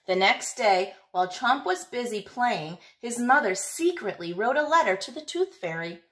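A woman teacher reading a picture book aloud, in an expressive, lilting storytelling manner. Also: on the high side, moderate pace.

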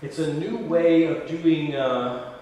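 A man's voice: on the high side, slow pace, dark tone. A male pastor preaching a sermon in a conversational way, with asides and quoted dialogue. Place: large church sanctuary. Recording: echoey church hall from far off.

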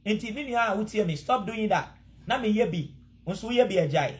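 A man's voice: high-pitched, lively intonation, fairly quick. A man with a Ghanaian accent preaching a sermon, earnest and exhorting, pleading with his listeners. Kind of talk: sermon mixing Twi and English.

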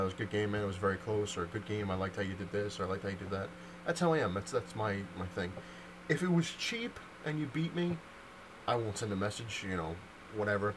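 A man's voice: fairly low pitch, noisy background. Rambling man telling a story. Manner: rambling storytelling with many fillers and restarts. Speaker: vlogger. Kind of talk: casual rant to camera.

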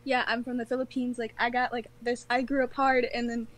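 A woman's voice: a little high, level tone, a little fast, a bit bright. A woman on a video call gushing with enthusiasm, peppering her talk with "like". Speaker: stranger on video chat. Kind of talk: casual video chat. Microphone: laptop or phone on video chat.

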